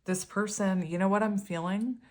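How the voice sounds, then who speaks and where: A woman's voice: medium pitch, fairly even intonation, moderate pace. A woman giving a casual tarot reading to her viewers. She talks in a loose, rambling way, corrects herself often, and keeps breaking into giggles. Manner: loose and rambling, many ums and self-corrections. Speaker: tarot reader.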